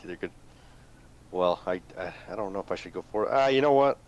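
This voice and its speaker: A man's voice: low-pitched, fairly quick, a little mellow, highs cut off. A man playing a tabletop game, thinking aloud hesitantly and describing his character's actions. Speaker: player. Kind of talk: tabletop game play, casual chat.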